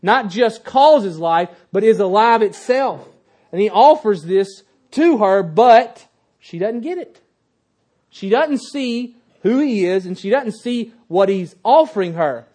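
High-pitched male preacher, emphatic sermon delivery, questions the congregation. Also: animated, slow pace, dark tone. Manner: emphatic, repeats key phrases.

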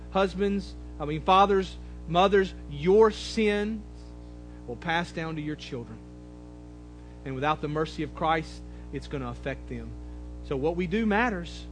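A man preaching a sermon, retelling a scripture story in a conversational way, swinging between loud, high emphasis and low, quiet moments. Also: rough recording. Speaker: pastor.

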